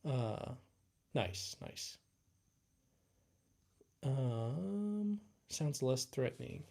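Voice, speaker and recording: A man's voice: medium pitch, very animated, extremely slow, creaky, a little mellow. A young man hosting a casual live Q&A stream, rambling and reading chat aloud with lots of fillers. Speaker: livestream host.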